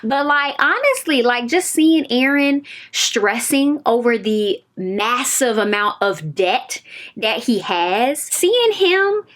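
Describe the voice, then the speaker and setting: A woman's voice: fairly high pitch, very animated, slow, fairly bright tone. A woman in her twenties reviewing a TV episode in a casual, emphatic way, repeating phrases and talking straight to her viewers. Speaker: TV review vlogger.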